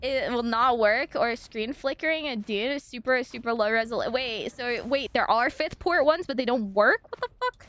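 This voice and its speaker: Woman streamer from Washington, light Washington accent, high voice, bright tone, rambling chatty talk to chat. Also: expressive, moderate pace, hardly any pauses. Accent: Washington State. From Washington State, USA. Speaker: live streamer. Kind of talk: casual gaming stream chat.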